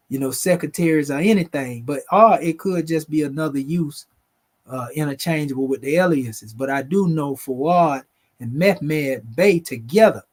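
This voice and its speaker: A man casually walking viewers through old photographs, talking in a loose conversational way and calling them family. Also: a little high. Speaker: video host presenting photos. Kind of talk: casual explanatory talk over pictures.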